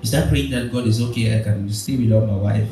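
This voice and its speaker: A man's voice: on the low side, steady tone, fairly quick, very echoey, distant mic, over music, low-quality recording. A man preaching a sermon as pastor, firing off rhetorical questions to his congregation. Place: church.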